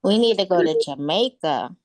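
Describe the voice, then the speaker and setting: A woman joining a casual online chat as a guest, soft-spoken and appreciative. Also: lowish voice, expressive, normal speed.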